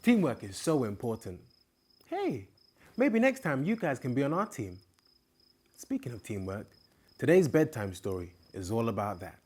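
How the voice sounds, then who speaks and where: A man hosting a children's show and reading a bedtime story aloud in an expressive way. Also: mid-range voice, normal speed, pauses often, husky. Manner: animated and expressive. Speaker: storyteller host.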